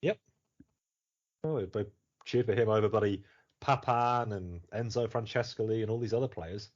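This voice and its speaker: A man with a low, slightly husky voice hosts a podcast in loose, rambling chat. His pitch swings widely as he laughs and swears his way through. The audio is muffled and lo-fi. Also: moderate pace. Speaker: podcast host. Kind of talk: casual chat.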